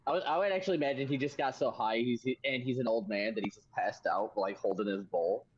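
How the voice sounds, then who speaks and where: Husky hesitant male player, lo-fi. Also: mid-range voice, fast talker. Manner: hesitant, apologetic. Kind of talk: casual game chat. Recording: dull lo-fi mic.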